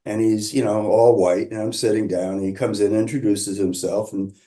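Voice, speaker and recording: A man calmly telling a personal story, measured and reflective, with pauses and restarts. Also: fairly low pitch. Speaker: qigong practitioner sharing his story.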